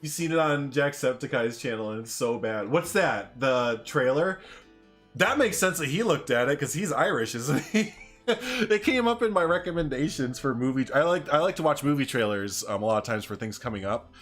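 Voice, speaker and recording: Man, game streamer, casual live chat, joking, lively pitch, faint music behind. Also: normal speed. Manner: animated, joking, laughs often.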